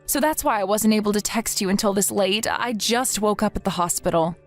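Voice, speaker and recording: A woman's voice: medium pitch, fairly quick, soft background music, close to an everyday voice. A woman voicing an exhausted, desperate young mother who speaks in an apologetic, pleading way. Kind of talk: text-message story read aloud.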